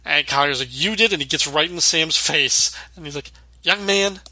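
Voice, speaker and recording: A male podcast host with a bright, ringing tone that sits a bit higher than most men's. He talks casually and rambles, scattering "like" through his sentences and acting out quotes. The sound is dry and close, with almost no room. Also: moderate pace, no room sound. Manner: rambling, heavy use of "like", acts out quotes. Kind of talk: casual chat recapping a sitcom episode.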